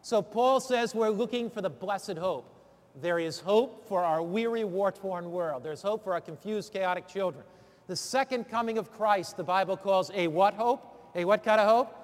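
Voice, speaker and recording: A man's voice: sits high, normal speed. A man coaching preachers through a sermon series, then preaching the text with rousing call-and-response questions. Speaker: preacher training other preachers. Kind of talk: sermon-preparation instruction turning into preaching. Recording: long hall reverb.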